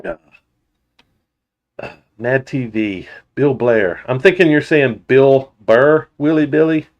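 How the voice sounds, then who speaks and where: A man chats loosely through a livestream, reading his viewers' comments aloud and answering them off the cuff. His sentences often stall and restart, and he breaks into laughter easily. His voice sits at an average pitch. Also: takes it slowly, highs cut off. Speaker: motorcycle channel host. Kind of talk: casual livestream chat.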